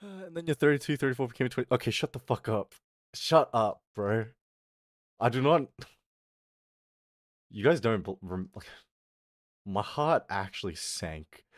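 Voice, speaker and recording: This streamer's voice is medium-pitched with lively intonation, and he talks at a measured pace with frequent pauses. He jokes crudely, mocks himself, laughs often and replies to viewer comments, all captured in a dry, studio-quality recording.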